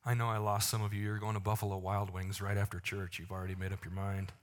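A man preaching a sermon to a congregation, animated, with joking asides and slow, emphatic lines. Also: lowish voice. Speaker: pastor.

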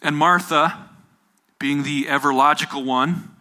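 A man's voice: fairly high pitch, steady tone, measured pace, sharp tone. A man preaching a sermon, retelling a Bible story to a live audience, repeating phrases and asking his listeners questions.

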